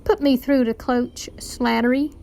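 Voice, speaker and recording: A woman's voice: high-pitched, fairly even intonation, measured pace, vocal fry, darkish tone. A woman reading a grumpy, burned-out middle-aged male teacher in a story read aloud. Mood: stern.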